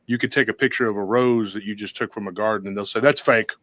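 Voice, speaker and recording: A man's voice: lowish voice, fairly even intonation, fast talker, fairly bright tone, no room sound. A man hosting a paranormal talk show, telling a long story in a rambling, casual way with many restarts and acted-out quotes. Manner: rambling, restarts often, acts out quoted voices.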